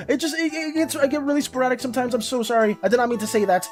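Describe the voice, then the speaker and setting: A woman streamer chatting casually with her viewers. She often trips over her words and is quick to apologize. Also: on the high side, very animated, faint music behind. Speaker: art streamer.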